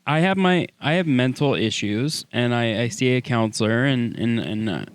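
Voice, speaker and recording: A man with a smooth, mid-pitched voice, speaking candidly and haltingly about himself on a podcast. He stops and restarts as he talks, and the sound is dry and close. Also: expressive, no echo. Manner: hesitant, self-reflective, laughs along. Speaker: podcast co-host. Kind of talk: casual chat.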